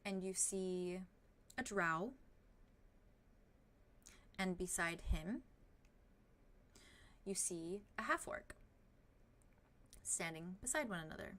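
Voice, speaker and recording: A woman narrating a tabletop game as game master, relaxed and a bit hesitant as she speaks. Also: on the low side, slow pace, pauses often.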